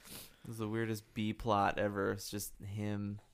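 A man's voice: lowish voice, monotone, measured pace, clean tone. A man co-hosting a podcast in casual chat, throwing in wry quips. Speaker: podcast co-host.

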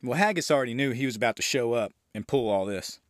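Talking fast, this male podcast host recaps a horror movie one scene at a time, casual and enthusiastic, dropping frequent fillers and the occasional curse. His pitch is ordinary and mid-range, and the recording is close-miked and dry with no echo.

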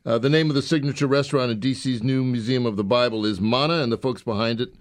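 A man's voice: medium pitch, steady tone, quick pace. A man co-hosting a radio food show, chatting casually, rambling and joking with many fillers and restarts.

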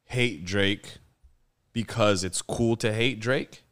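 A young man with a slightly low voice trades gripes about fans on a sports podcast. He talks in loose slang and swears casually. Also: takes it slowly, fairly bright tone, smooth. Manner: slangy, profane, calls people dog and bro. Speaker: podcast co-host.

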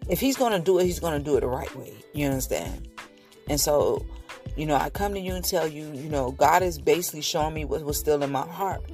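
A woman's voice: sits low, a little fast, a little mellow, soft background music. A woman in her fifties sharing a faith testimony in a casual vlog, earnest and emotional, often repeating herself.

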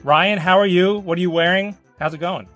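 A man's voice: sits high, steady tone, a little fast, a bit bright, faint music behind. A man hosting a comedic sports podcast with a dry, joking delivery. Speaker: podcast host.

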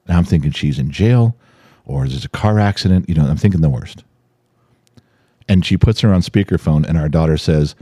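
A middle-aged man telling a family story in a casual, profane way, jumping into high voices when he quotes people. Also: moderate pace, dark tone, husky, no room sound, clean studio sound. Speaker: podcast co-host telling a story.

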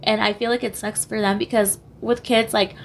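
Young woman, hoarse, hesitant, halting, switches languages mid-sentence, faint room noise. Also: mid-range voice, flat delivery. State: losing her voice, hoarse. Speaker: podcast guest. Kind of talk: candid personal interview.

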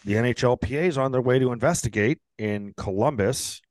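A man co-hosting a sports podcast, speaking in an animated, sarcastic and profane way. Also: medium pitch, a little fast, a little hiss or hum. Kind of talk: casual sports talk.

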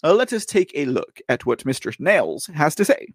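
On the high side and very animated, this man's voice moves at a moderate pace in a studio-quality recording with no echo. He hosts casual live political commentary, rambling playfully, correcting himself and returning again and again to "ladies and gentlemen."

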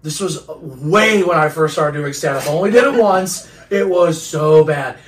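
A stand-up comic co-hosting a casual comedy podcast, jokey and animated. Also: mid-range voice, normal speed. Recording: roomy, distant mic.

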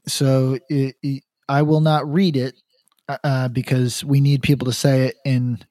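A man's voice: mid-range voice, level tone, unhurried, mellow, no echo, clean studio sound. A man co-hosting a podcast in casual chat, rambling and profane, stumbling over restarts. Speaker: podcast co-host.

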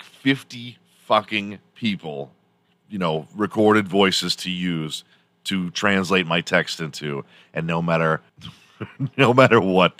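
A man's voice: deep voice, a bit bright, no room sound. A man hosting a podcast, telling a rambling story in a casual, profane way and laughing often as he goes. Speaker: podcast host.

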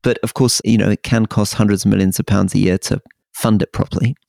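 A man co-hosting a political podcast in casual chat, animated and teasing, keen on history. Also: fairly low pitch, quick pace, gravelly, dry recording, studio quality. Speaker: podcast co-host.

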